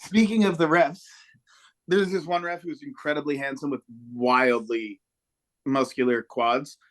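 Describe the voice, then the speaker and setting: Upbeat American podcast co-host, slightly high voice, lively storyteller. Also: male voice, a little slow. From United States. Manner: animated storyteller, mimics heckles with high shouts. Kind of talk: casual chat.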